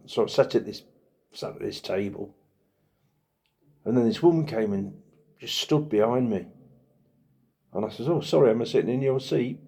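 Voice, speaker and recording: Gravelly, husky-voiced man rambling wryly. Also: fairly low pitch, mellow. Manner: rambling, wry storytelling. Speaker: vlogger. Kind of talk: casual chat to camera.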